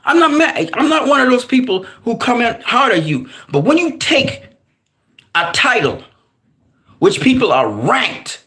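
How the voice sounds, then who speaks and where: Angry man ranting, high voice that swings wide. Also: a little slow. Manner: angry, heated, profane ranting; animated, repeats "man". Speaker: boxing commentator. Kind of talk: ranting commentary.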